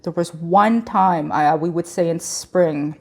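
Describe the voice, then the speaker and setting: A woman in her thirties telling her own pregnancy story as an interview guest, lively, laughing often and acting out the dialogue. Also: fairly low pitch, slow pace, vocal fry. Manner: animated, laughs often, acts out quoted dialogue. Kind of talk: emotional personal storytelling.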